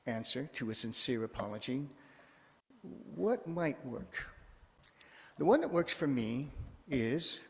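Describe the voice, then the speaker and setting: A man's voice: medium pitch, expressive, takes it slowly, gravelly, pauses often, a bit bright. A man giving a sermon in a church, telling a story in a casual, conversational way with frequent restarts. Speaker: preacher. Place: church sanctuary. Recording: long echo of a church hall.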